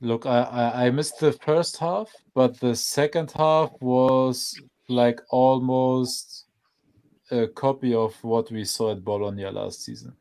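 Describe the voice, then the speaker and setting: A man's voice: medium pitch, slow pace, clear, resonant tone. A man co-hosting a casual football watch-along, talking with many restarts and repeated words. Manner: hesitant, repeats words, trailing off softly. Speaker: co-host of a football show.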